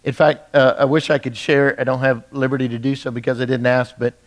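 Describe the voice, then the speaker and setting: A man's voice: medium pitch, level tone, fairly quick. A male pastor preaching a midweek sermon in a church, talking in a conversational way, often repeating words as he builds intensity.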